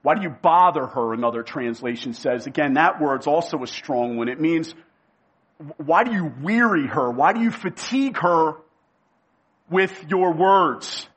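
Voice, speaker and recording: Emphatic male preacher with a raised pitch. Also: lively intonation, a bit bright, husky. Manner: emphatic, repeats key phrases, slows down for weight. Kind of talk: sermon.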